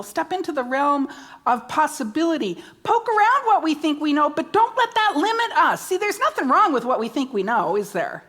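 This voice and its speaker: A woman's voice: high voice, a bit bright. A woman minister preaching a sermon, emphatic, repeating key words and asking rhetorical questions.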